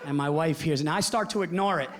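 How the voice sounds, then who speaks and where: A man in his forties performing a stand-up set, telling stories animatedly and shouting his punchlines. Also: fairly high pitch, fast. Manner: animated storytelling, shouting punchlines, acting out characters. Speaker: stand-up comedian. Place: theater stage before a live audience. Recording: live show with loud crowd laughter.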